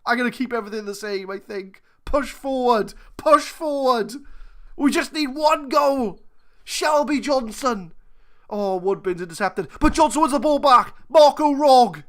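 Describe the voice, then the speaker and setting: A woman hosting a gaming channel, commentating her football management game live, thinking aloud and swinging between muttering and shouting. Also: a little high, animated, unhurried.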